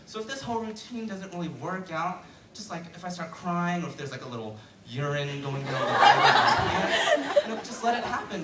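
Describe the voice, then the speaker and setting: A late-teen male student performs a chatty, self-deprecating stand-up routine in a school auditorium, full of fillers. His voice is fairly high, animated and a little fast. Heard from far off through a handheld mic on a stand, the echoey hall carries heavy noise and loud crowd laughter.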